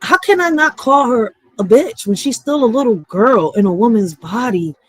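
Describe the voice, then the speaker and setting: A woman's voice: fairly high pitch, expressive, moderate pace, slightly rough, no echo, low-quality recording. A woman in her thirties chatting casually on a live stream, candid and rambling, often swearing and asking "right?". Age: 30s.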